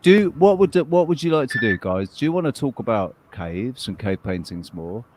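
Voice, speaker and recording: Guy hosting a live stream over a video call, joking around and teasing, mid-pitched voice. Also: moderate pace, background noise. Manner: jokey, teasing, animated. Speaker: host. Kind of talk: casual chat on a live stream.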